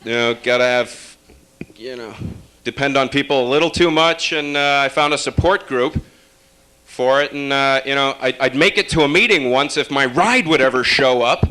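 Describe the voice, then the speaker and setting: A man from upstate New York doing a stand-up set in a bright, clear voice. He rambles through his bits with wry, deadpan asides and plenty of fillers. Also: medium pitch, normal speed. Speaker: stand-up comedian.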